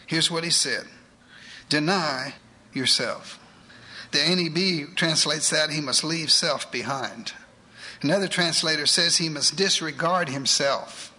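Male preacher, sermon delivery, piercing bright tone, dramatic pauses. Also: high-pitched, poor audio. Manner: emphatic, rhetorical questions, dramatic pauses. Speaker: pastor.

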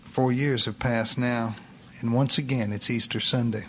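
A man preaching a sermon, telling a story with passion, swinging from loud cries to hushed lines. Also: medium pitch.

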